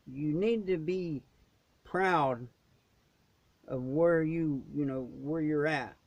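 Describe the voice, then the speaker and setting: A man's voice: fairly high pitch, fairly bright tone, dry recording. A man from Florida who hosts a prepping channel, ranting in a blunt, emphatic, folksy way. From Florida, USA. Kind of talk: ranting vlog.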